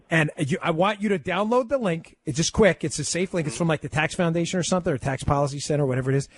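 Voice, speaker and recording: A man guest-hosting a talk radio show, taking calls and making his points with rapid-fire emphasis. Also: a little high.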